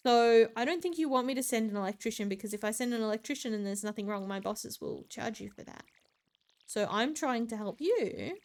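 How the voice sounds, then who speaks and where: A woman with a somewhat high voice chats casually while she plays. She tells a story in an exasperated way and fills her pauses with plenty of ums. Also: animated, a little mellow. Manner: chatty, exasperated, lots of filler ums. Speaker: streamer.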